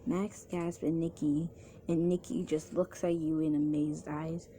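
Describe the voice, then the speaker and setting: A woman's voice: sits low, flat delivery, measured pace, dark tone, slight background noise. A woman narrating a second-person fan story casually, with restarts and chatty asides.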